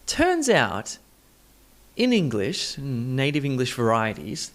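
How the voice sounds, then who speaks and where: A male English teacher speaking in a lively, sing-song way, his pitch swooping up and down as he drives his points home. He talks with eager emphasis, leaning hard on words to show how they should sound. The voice sits in a middle register. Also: slow pace. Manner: emphatic, enthusiastic, stresses words to demonstrate. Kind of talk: online English lesson.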